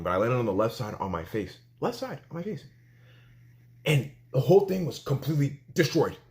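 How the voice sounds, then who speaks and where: Young man, storytime vlog, lively swooping pitch, chatty, lots of fillers, acts out his own lines. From Canada. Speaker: vlogger.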